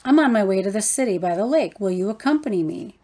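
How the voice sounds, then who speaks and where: A woman's voice: mid-range voice, expressive, fast talker, mellow. A woman voicing a kindly elder brother in a storybook reading, with an earnest, encouraging way of talking.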